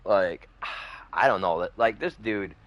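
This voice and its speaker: A man's voice: low-pitched, slow pace, a bit bright, no room sound, muffled recording. A man chats away while streaming a farming game. He rambles loosely from one story to the next. His talk is full of folksy slang and friendly asides to his viewers. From northern Michigan, USA. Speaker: gaming streamer. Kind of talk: casual chat while gaming.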